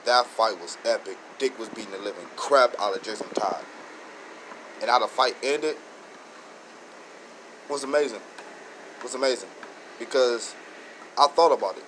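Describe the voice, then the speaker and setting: A man hosting his own channel, giving a rambling, excited casual review with many restarts and self-corrections. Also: medium pitch, normal speed, long pauses, slight background noise, poor audio. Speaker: show host reviewing episodes.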